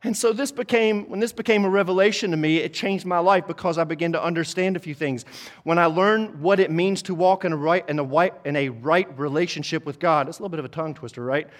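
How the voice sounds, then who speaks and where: High-voiced preaching pastor. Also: male voice, fast. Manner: preaching with emphatic repetition, rising to loud high exhortation. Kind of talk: sermon. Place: church sanctuary.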